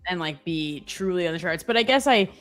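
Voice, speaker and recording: A young woman chatting casually on a trading stream, her voice sitting a little low. She rambles in a jokey way and peppers her sentences with "like". Faint music plays in the background. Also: lively intonation, a little fast, a bit bright. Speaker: trader co-host on a live stream. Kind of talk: casual chat.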